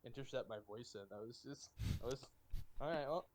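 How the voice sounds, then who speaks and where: A man's voice: mid-range voice, fairly quick. A man playing a tabletop game, sarcastic and exasperated, swearing a lot. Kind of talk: casual in-character play.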